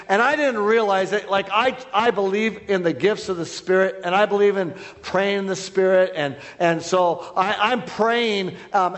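A man who is a guest preacher, telling a story in a sermon, loud, with many repeated restarts. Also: high voice. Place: church hall. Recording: long hall reverb.

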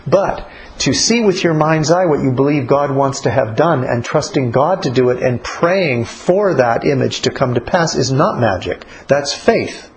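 A man's voice: medium pitch, lively intonation, a little slow, hardly any pauses, a little hiss or hum, rough recording. Plain-spoken man teaching about prayer. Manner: blunt, colloquial, acts out little spoken exchanges.

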